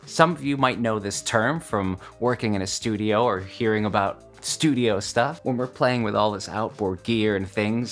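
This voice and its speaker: A man's voice: medium pitch, fairly bright tone. A man with a Midwestern accent hosting a casual music vlog, talking in an earnest, musing way with playful asides. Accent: Midwestern American. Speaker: music video host. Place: music studio.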